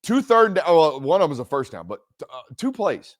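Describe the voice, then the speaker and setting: A man, hosting a football reaction stream in a casual, animated way and talking straight to his viewers. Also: on the high side, brisk, no echo, clean studio sound. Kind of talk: casual commentary.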